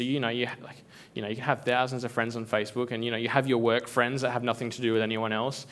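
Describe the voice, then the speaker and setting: A man at a mid-range pitch gives a laid-back devotional talk. He speaks earnestly but loosely, leaning on fillers, repeats and restarts as he works through his point. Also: a bit bright. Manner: conversational, filler-heavy, earnest, with frequent repeats. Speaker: preacher.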